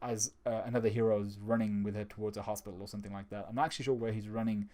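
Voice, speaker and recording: A man talking through a manga chapter in a casual, chatty review, getting excited and often restarting his sentences. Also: lowish voice, very fast.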